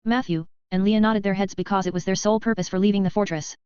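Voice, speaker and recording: A woman reading a web novel as an audiobook in a quick, even narration with barely changed character voices. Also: medium pitch, clear, resonant tone, dry recording. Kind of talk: scripted narration. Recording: slightly dull, dry sound.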